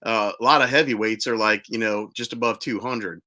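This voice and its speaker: A man's voice: on the low side, steady tone, brisk, sharp tone. A man hosting a podcast in casual chat, chiming in with short remarks and questions. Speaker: podcast host.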